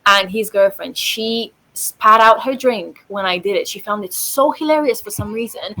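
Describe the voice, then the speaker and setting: A woman's voice: medium pitch, normal speed, sharp tone, poor audio. A young woman chatting casually as a podcast guest, with lots of "like" fillers. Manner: chatty, full of fillers like "like", laughs easily. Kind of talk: casual chat.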